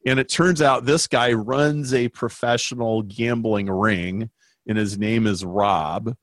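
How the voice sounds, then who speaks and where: Man, storytelling guest, animated, acts out voices, dry close sound. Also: lowish voice, slow pace, no room sound. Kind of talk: conversational storytelling.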